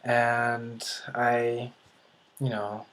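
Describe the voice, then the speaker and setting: Flat-voiced man musing hesitantly. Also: medium pitch. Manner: hesitant, thinks aloud with many pauses and restarts; dry, self-described sarcastic humor. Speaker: language-learning vlogger. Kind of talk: casual talk to camera.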